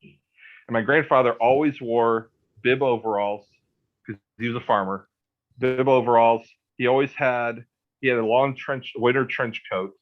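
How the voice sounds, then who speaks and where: A man's voice: medium pitch, steady tone, measured pace, phone-quality sound. A man in his thirties telling a personal ghost story in a loose, rambling way, full of restarts and "like". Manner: rambling, repeats words and restarts, says "like" a lot. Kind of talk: casual storytelling.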